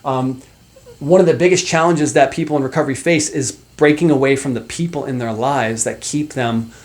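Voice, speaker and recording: A man's voice: mid-range voice, a little fast, darkish tone. A middle-aged man, a life coach, talking animatedly and casually to the camera with many fillers and asides. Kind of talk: motivational talk to camera.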